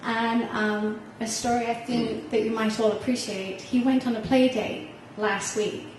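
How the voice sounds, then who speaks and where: Middle-aged woman on a panel, kinda high voice, telling a heartfelt story, really echoey hall, mic far off. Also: little pitch movement, a little slow, darkish tone, a little hiss or hum. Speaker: parent on a panel. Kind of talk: personal story at a panel talk. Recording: echoey room heard from far off.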